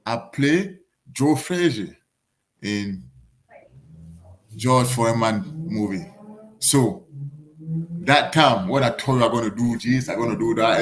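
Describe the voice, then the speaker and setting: Speaking at medium pitch, this African boxer in his forties is a guest who casually tells lively stories in broken English, acting out how others sounded.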